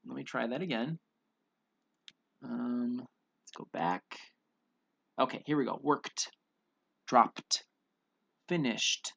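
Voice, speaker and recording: A man's voice: mid-range voice, creaky, a bit bright, dry recording. A man teaching English pronunciation in an online lesson, patiently repeating each word for students to drill.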